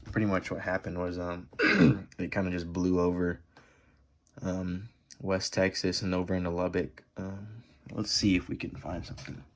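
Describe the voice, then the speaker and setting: A man vlogging indoors at a computer, talking loosely with many fillers and clearing an irritated throat. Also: low voice. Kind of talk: casual vlog while browsing the web.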